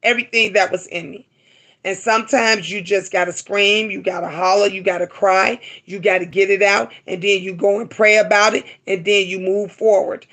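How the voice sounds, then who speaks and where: A woman's voice: mid-range voice, fairly even intonation, moderate pace, a bit bright. A middle-aged woman hosting a live stream, talking to her viewers with emotion and often repeating herself for emphasis. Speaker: livestream host.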